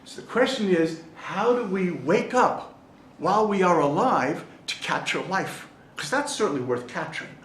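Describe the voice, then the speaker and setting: In a Jerusalem study hall, a rabbi teaches a Torah class to a group, his fairly high male voice sounding roomy with a faint hiss or hum. He's an animated storyteller who slips in jokes and stories and acts out different voices.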